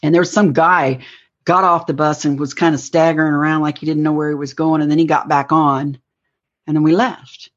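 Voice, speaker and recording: A woman's voice: deep voice, fairly even intonation, fairly quick. A woman telling a rambling personal story in an interview, acting out the lines she quotes. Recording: dull lo-fi recording.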